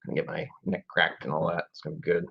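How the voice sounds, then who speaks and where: A man's voice: very deep voice, little pitch movement, fast, vocal fry, husky, lo-fi sound. A man in his forties hosting a casual live-stream tasting, musing aloud and rambling with trailing asides. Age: 40s.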